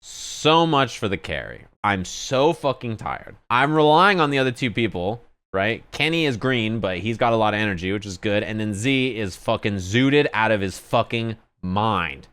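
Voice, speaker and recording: A man telling a story casually on a stream, animated and profane, with lots of asides. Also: fairly low pitch, normal speed, hardly any pauses, smooth. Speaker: streamer and commentator.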